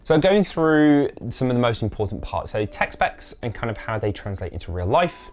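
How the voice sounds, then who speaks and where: A man's voice: medium pitch, very animated, moderate pace, a little mellow. Man walking through a product review. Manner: orderly, explanatory, spec-heavy. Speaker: tech reviewer.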